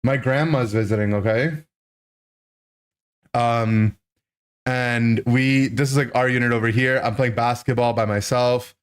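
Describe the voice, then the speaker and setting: A man in his thirties, a streamer, telling a childhood story to his chat in an animated, rambling way, full of "right?" and "like". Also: mid-range voice, a little slow, long pauses, clean tone. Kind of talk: casual storytelling to a live chat.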